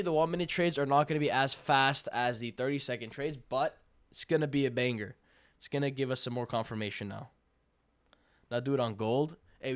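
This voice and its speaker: A young man calls his trades live on a stream, slangy and hyped, breaking into loud cheers. His voice sounds smooth and clear. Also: mid-range voice. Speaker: livestream day trader. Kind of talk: live trading stream commentary.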